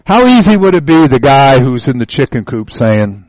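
A man leads a relaxed Bible class in a folksy storytelling manner, circling back on his own words as he builds a picture. His voice sits at an ordinary middle pitch. The recording is dry and close, with little room sound. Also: moderate pace, few pauses, no echo, low-quality recording. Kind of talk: informal Bible lesson.

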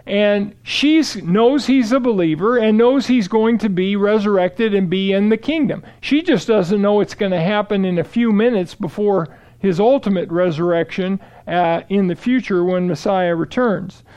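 Man, high voice, bible teacher, steady explanatory delivery, quotes verses. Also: moderate pace, few pauses, smooth. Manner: steady explanatory delivery, quoting scripture aloud.

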